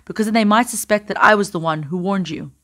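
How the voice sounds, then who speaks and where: A woman doing an urgent, hushed male visitor. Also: medium pitch, fast talker, lightly acted. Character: grateful grown man, urgent secret warner.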